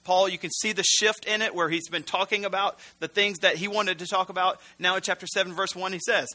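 A man's voice: sits high, steady tone, fairly quick, pushed and bright. A man preaching as a pastor in a conversational, earnest style, often correcting himself mid-sentence. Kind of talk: sermon.

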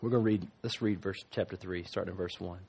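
A man preaching a sermon as pastor, emphatic, moving between loud stresses and hushed asides. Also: sits low, steady tone, fast, vocal fry, breathy edge.

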